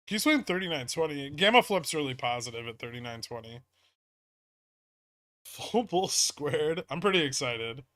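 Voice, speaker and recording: A man's voice: mid-range voice, lively intonation, quick pace, hardly any pauses, bright, forceful tone, dry recording, studio quality. A man hosting a livestream, casually commenting on trades as he reacts to the charts and swears now and then. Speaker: livestream host trading stocks.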